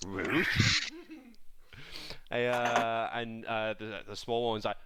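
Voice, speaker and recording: A man running a tabletop game as game master, narrating in a halting way with many restarts. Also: medium pitch, steady tone. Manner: halting, restarts often, laughs at own slips. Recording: loud background noise.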